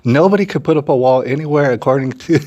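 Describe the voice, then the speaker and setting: A man's voice: mid-range voice, quick pace, darkish tone, dull audio. A man from San Antonio, hosting his own opinion vlog and talking emphatically and repetitively straight to his viewers. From San Antonio, Texas. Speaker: channel host.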